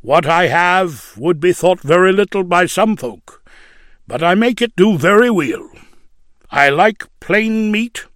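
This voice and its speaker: Devout old man of ninety, read by a man, plain dialect, joyful; slow and dry. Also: high-pitched, animated, a bit bright, no echo, pitched above the performer's own voice, heavily acted. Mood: content. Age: older. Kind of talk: reading aloud a story.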